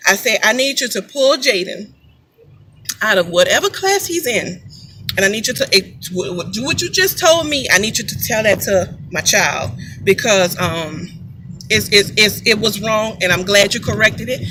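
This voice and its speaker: A woman's voice: a little high, noisy background. A mother casually telling a story to camera, chatty and emphatic, repeating phrases for weight.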